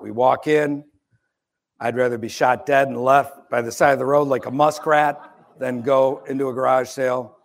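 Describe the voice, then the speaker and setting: A man's voice: mid-range voice, steady tone, moderate pace, creaky. A middle-aged man, a pastor from the United States, preaching a sermon in a conversational, wry storytelling way with asides.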